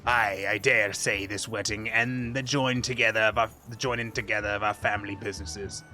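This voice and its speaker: A man doing a gruff pirate-ish merchant. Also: lowish voice, steady tone, fairly quick, bright, forceful tone, soft background music, voice pushed down. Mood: hearty. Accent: rough mock pirate accent. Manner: growling, stumbles over names. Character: gruff older male merchant with pirate airs. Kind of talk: reading game dialogue aloud in voices.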